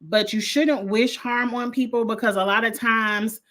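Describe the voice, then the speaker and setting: A woman, reviewing a reality show in a blunt, animated casual livestream chat with frequent laughter. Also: on the high side, normal speed. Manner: blunt, animated, laughs often, uses slang.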